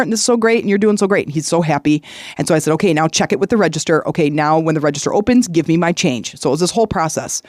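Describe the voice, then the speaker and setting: A woman's voice: low voice, a little mellow, dry recording, studio quality. A woman hosting a solo podcast, telling a story in a chatty way and checking in with the listener as she goes. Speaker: podcast host.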